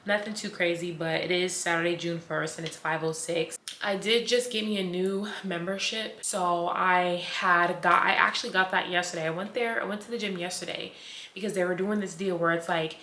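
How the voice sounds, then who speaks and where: Chatty young woman, low voice, echoey room. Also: fairly even intonation, moderate pace, bright, forceful tone. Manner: chatty, girlfriend-to-girlfriend talk, calls viewers girl and sis. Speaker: vlogger. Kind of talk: casual chat to camera. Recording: echoey room, faint noise.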